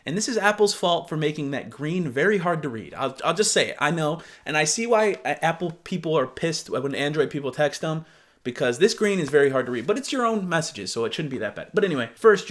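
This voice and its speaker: Young man, slightly high pitch, casual reaction commentator, blunt and profane. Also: animated, brisk, a bit bright.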